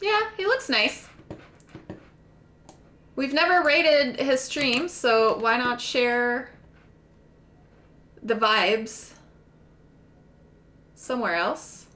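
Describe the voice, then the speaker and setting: Bright-voiced Québécoise streamer chatting slowly. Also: female voice, fairly high pitch, a little hiss or hum. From Quebec, Canada. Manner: chatty, animated, many fillers. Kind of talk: casual chat while gaming.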